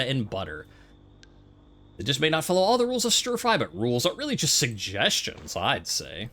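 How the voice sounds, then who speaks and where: A man giving casual, rambling commentary while playing a game, full of joking asides. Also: mid-range voice. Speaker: game player. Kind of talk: casual let's-play commentary. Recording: steady background noise.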